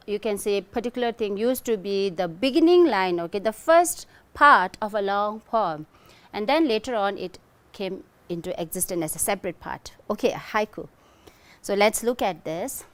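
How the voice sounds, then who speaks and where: A middle-aged woman with a smooth, clear voice, pitched a little high, gives an online English lesson. She explains patiently and stops often to ask her students "okay?" or "right?". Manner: explains slowly, checks with frequent "okay?" and "right?". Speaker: English teacher.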